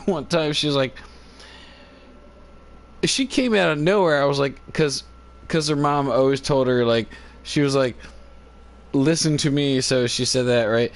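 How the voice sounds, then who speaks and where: A man chatting casually on a livestream into a phone, laughing often and talking in loose, halting, filler-filled sentences. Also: mid-range voice. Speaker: live streamer. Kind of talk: rambling casual chat. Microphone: phone on a cord.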